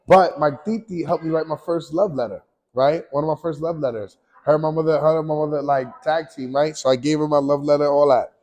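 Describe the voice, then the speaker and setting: A man's voice: on the high side, fairly even intonation, fairly quick, darkish tone, rough recording. A man hosting his own show, talking in a casual personal monologue, rambling and earnest, with slang and frequent restarts. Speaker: host.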